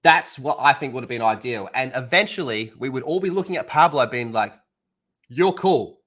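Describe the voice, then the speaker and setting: A man's voice: medium pitch, lively intonation, a little fast, a bit bright. A man streaming alone, ranting heatedly with lots of swearing. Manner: heated, profane, sarcastic ranting. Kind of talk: livestream rant.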